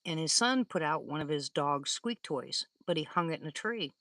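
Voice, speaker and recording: A woman's voice: low-pitched, animated, moderate pace, fairly bright tone, dry recording. An older woman hosting a live stream, rambling through stories in casual chat with her viewers, laughing often. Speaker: livestream host.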